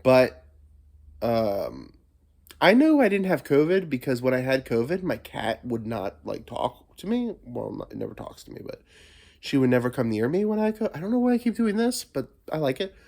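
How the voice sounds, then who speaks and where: A man's voice: medium pitch, big pitch swings, normal speed, vocal fry, a little mellow. A man hosting a solo podcast, rambling playfully and swearing a lot, getting over a cold. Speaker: podcast host. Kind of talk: casual solo podcast monologue.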